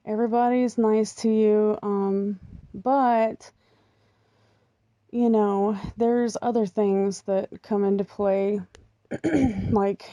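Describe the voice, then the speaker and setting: A woman's voice: on the high side, a little slow, dark tone, no echo. A middle-aged American woman talking casually in a vlog, rambling and chatty with lots of ums and little laughs. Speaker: vlogger. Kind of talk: casual chat.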